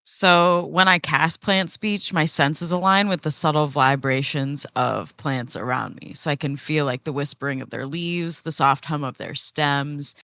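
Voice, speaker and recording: Brief: woman player, lowish bright voice, chatty with fillers, dry sound. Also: measured pace, hardly any pauses, no echo. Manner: explaining with many fillers. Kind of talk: casual tabletop play.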